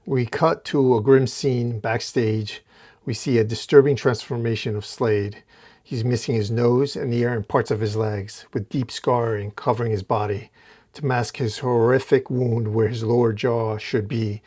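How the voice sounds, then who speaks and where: Man, comic recap narrator, casual, panel-by-panel, mid pitch. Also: a little mellow. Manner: recounts panel by panel, casual restarts. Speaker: comic book recap host.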